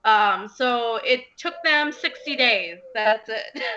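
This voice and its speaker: A woman's voice: a little high, expressive, takes it slowly, bright, forceful tone. A woman co-hosting a podcast, reading game news aloud with frequent ums and little laughs, her voice getting worn. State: losing her voice. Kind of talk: casual podcast chat. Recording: dull lo-fi audio.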